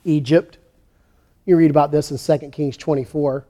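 A man with a high-pitched voice preaching a sermon. He tells the story in an animated way and voices the kings and prophets he quotes. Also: moderate pace. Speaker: pastor.

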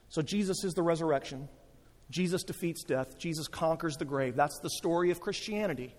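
A man's voice: fairly high pitch, fairly quick. A man preaching a sermon, building to impassioned repeated refrains. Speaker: pastor. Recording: long hall reverb.

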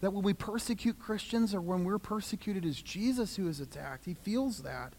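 A man preaching a sermon, dramatic, swinging from loud pleading to hushed quiet. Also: sits high, moderate pace. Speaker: pastor. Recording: long reverb of a large hall.

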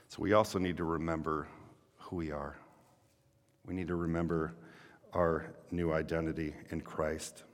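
A man's voice: extremely low pitch, level tone, normal speed, pauses often, in a large hall. A male pastor preaching a sermon earnestly, building to emphatic exhortations.

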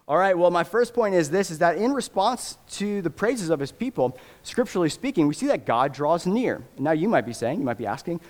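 A man's voice: on the high side, very animated, a little fast, few pauses, in a large hall. A male pastor delivering a sermon, earnest and rising to emphatic, fervent preaching.

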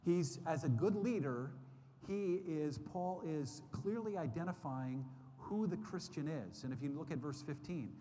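Male Bible teacher, slightly high voice, earnest and halting with lots of restarts; reverberant hall recording. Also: lively intonation, mellow. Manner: earnest, repeats phrases, many fillers and restarts. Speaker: Sunday school teacher. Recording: roomy hall with faint background noise.

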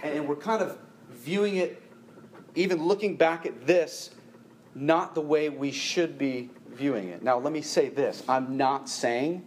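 A man preaching a sermon to a congregation, animated, rising in pitch and force when he presses a point. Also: a little slow, a little hiss or hum. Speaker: pastor.

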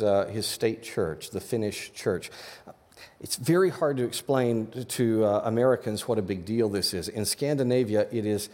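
A man preaching an earnest, animated sermon as pastor, often restarting his phrases. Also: fairly low pitch. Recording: long reverb of a large hall.

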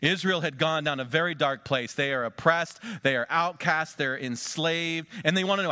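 Middle-aged male pastor, bright and sharp tone, conversational sermon delivery heavy on rhetorical questions. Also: on the high side, moderate pace, few pauses. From Western Pennsylvania.

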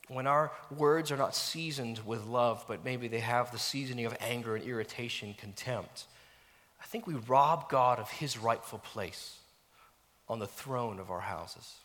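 A middle-aged man preaching a sermon as a pastor, animated and self-mocking, dropping to near-whispers at times. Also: medium pitch, unhurried. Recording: long reverb of a church hall.

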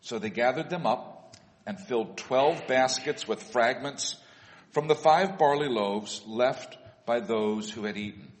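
Guy reading the bible passage at church, steady even voice, big echoey sanctuary. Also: mid-range voice, measured pace, a little hiss or hum. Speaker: worship leader reading scripture. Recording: long reverb of a large room.

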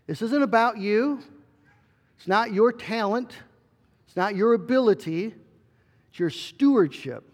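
A man's voice: high-pitched, lively intonation, unhurried, long pauses, a little mellow, in a large hall. A middle-aged male pastor preaching a sermon in an earnest way, with fillers and restarts.

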